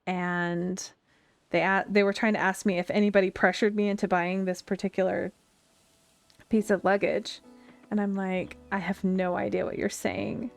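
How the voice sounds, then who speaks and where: A woman's voice: mid-range voice, flat delivery, moderate pace, vocal fry, no room sound. Chatty woman with a Western US twang. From United States. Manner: chatty, rambling storyteller. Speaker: streamer. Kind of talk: casual chat while playing a game. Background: faint game music.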